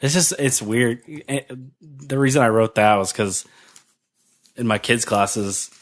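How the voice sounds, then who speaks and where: A man's voice: mid-range voice, slow pace. A man in his thirties co-hosting a podcast, rambling casually and filling his talk with "like". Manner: rambling, full of "like" and restarts. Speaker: podcast co-host. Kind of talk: casual chat.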